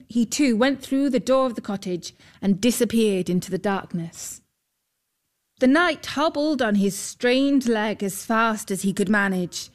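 A woman narrating a storybook in a calm, measured way. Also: mid-range voice. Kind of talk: storybook reading.

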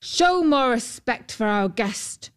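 A woman's voice: mid-range voice, moderate pace, smooth, close to an everyday voice. A woman voicing an older fisherman's wife who speaks in a chiding way.

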